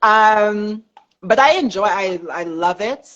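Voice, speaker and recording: A woman's voice: mid-range voice, slow, dull audio. A young woman from Canada, a dancer, chatting casually on a podcast and telling stories with frequent laughs. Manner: chatty, laughs often, animated storytelling. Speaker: guest, dancer and fitness business owner.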